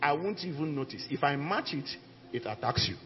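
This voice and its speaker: A male pastor preaching a fiery sermon, dropping low and then shouting out declarations. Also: animated, fairly quick. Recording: echoey hall with dull sound and faint music.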